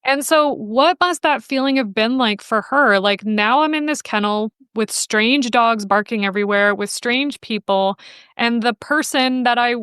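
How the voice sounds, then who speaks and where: A woman's voice: on the high side, unhurried, a bit bright, clean tone, no room sound, clean studio sound. A woman guest in a casual podcast interview, telling a personal story in a chatty, emotional way and mimicking the voices of others. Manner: chatty and emotional, quotes people in playful voices. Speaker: podcast guest, animal welfare researcher.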